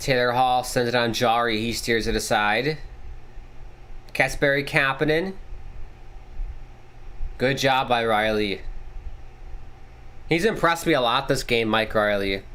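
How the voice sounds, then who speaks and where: A young man hosting a live hockey watchalong stream, mixing casual chat with quick play-by-play calls that rise as the action heats up. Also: mid-range voice, bright, forceful tone. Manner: rapid, rising calls during plays. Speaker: livestream host.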